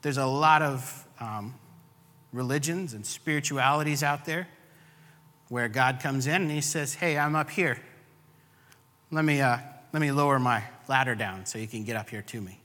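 Male pastor, earnest preacher who builds on repetition; bright, forceful voice in a reverberant hall. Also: mid-range voice, moderate pace. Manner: earnest, builds emphasis with repeated phrases. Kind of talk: sermon.

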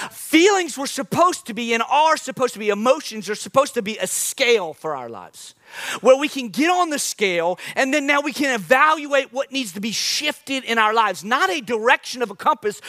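High-voiced, bright young male preacher. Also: fairly quick. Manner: animated storytelling with sudden loud outbursts. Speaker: pastor. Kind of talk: sermon.

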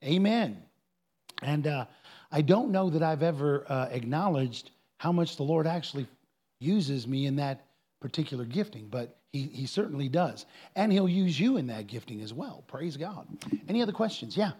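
A high-voiced man preaching as a pastor, animated and lively. He answers questions from the congregation and acts out the people in his stories. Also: moderate pace, slightly rough. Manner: animated preaching, with quoted voices and bursts of singing.

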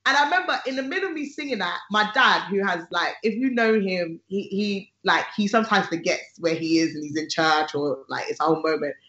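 A gospel singer tells a story in a casual conversation. The singer is lively and animated, acting out the voices of the people in the story. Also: mid-range voice, a little fast, few pauses. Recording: roomy, slightly dull sound.

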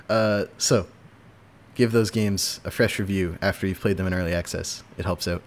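A man's voice: low-pitched, measured pace, a bit bright. A man hosting a casual podcast chat, talking loosely with fillers and frequent laughs. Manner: chatty, laughs often, fillers. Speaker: podcast host.

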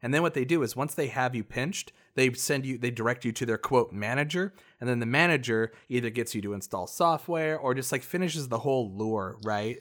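A man's voice: medium pitch, brisk, few pauses, fairly bright tone. A man in casual podcast chat, explaining at length in a laid-back way, full of fillers. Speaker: podcast co-host.

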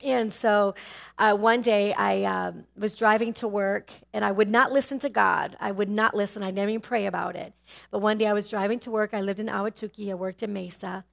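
A middle-aged woman sharing a personal faith testimony, candid and animated, with sudden drops to a hushed tone. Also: medium pitch, a little fast, vocal fry.

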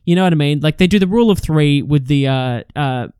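A man co-hosting a casual film review podcast, animated, acting out lines from the film and swearing casually. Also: a little high, brisk, clear, resonant tone, no room sound, studio quality. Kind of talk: casual chat.

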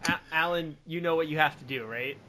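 A man's voice: a little high, fairly quick, sharp tone. A man co-hosting a comedy podcast, talking in a playful, jokey way. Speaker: podcast co-host. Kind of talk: casual comedic chat.

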